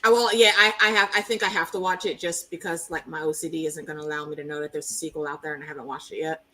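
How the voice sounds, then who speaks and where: A woman with a lowish voice co-hosts a casual podcast chat from a video call. She talks fast on the uptake and stumbles into restarts as she thinks aloud. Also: steady tone, sharp tone. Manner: chatty, quick to react, with halting restarts. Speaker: podcast co-host.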